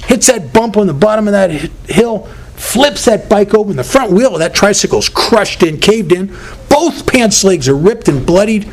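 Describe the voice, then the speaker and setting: A man's voice: high voice, expressive, normal speed. A man speaking at a recovery workshop, talking in an earnest, storytelling way that often breaks off and restarts. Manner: storytelling, self-interrupting, earnest.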